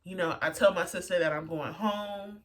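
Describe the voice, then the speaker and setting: Woman, personal storytelling, casual with lots of fillers, lower voice, mic set back. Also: moderate pace. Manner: casual, full of "like" and "you know" fillers. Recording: voice a bit far from the mic.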